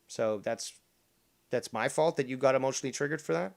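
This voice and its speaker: Man, smug, profane, lecturing, heated argument, middle-pitched voice. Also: brisk, creaky. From Canada. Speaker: show host.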